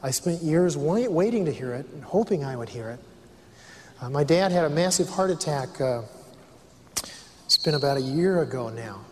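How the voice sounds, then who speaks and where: A man's voice: a little high, expressive, moderate pace, darkish tone, big-room sound, a little hiss or hum. A man giving a sermon-style talk, telling personal stories earnestly and asking the audience questions. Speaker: speaker on family and counseling.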